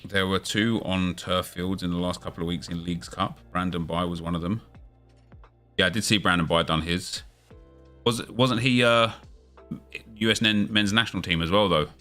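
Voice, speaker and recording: A man's voice: sits low, fairly even intonation, bright, forceful tone, faint music behind. A man hosting a gaming livestream, chatting casually with viewers and switching into an upbeat video-host delivery. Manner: chatty, quick back-and-forth with viewers, hype intro energy.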